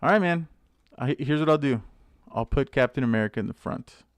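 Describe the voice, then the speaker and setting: A man hosting a casual live stream, chatting excitedly to viewers by name as he opens card packs. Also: medium pitch, brisk, clear, resonant tone, no room sound. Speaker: channel host opening card packs.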